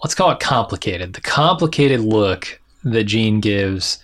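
A man's voice: fairly low pitch, animated, a little slow, fairly bright tone. A man co-hosting a casual TV recap podcast, talking things through thoughtfully with light puns. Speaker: podcast co-host.

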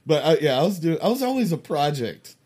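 A man's voice: fairly high pitch, big pitch swings, fairly quick, darkish tone, husky. A man co-hosting a podcast in casual chat, rambling, profane and laughing often. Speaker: podcast co-host.

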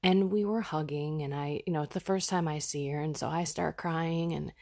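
A woman's voice: sits low, fairly even intonation, moderate pace, vocal fry, few pauses, dark tone. A woman hosting a podcast, sharing a raw personal reflection in an earnest, heartfelt way. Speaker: podcast host.

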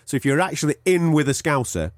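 Story-telling English podcast host, dry sound. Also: male voice, on the high side, very animated, quick pace, no echo. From England, outside Liverpool. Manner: swearing, storytelling, acts out other people's lines. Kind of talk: casual chat.

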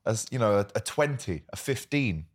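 A man with a Liverpool accent hosting a casual football chat show, reading out viewer comments and giving shout-outs. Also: fairly low pitch, animated, brisk. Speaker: podcast host.

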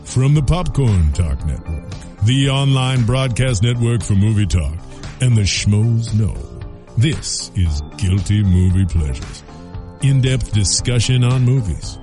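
A man announcing a show intro in a scripted voice-over with deliberate delivery. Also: lowish voice, lively intonation, music in the background.

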